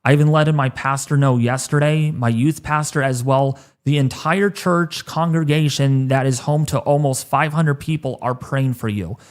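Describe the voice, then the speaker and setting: A man in his thirties hosting a weather livestream, choked up and halting, repeating words as he talks. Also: mid-range voice. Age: 30s. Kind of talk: emotional livestream talk.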